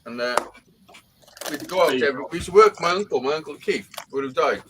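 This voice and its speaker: A man's voice: on the high side, animated, a little fast, background noise. A middle-aged man, telling a rambling story in casual chat and swearing constantly.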